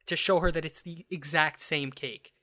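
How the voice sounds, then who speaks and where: A young man co-hosting a podcast, telling a story in a casual, animated way and acting out the other people's lines. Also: on the high side. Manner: animated, acts out quoted dialogue; restarts and fillers, quick asides. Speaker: podcast co-host.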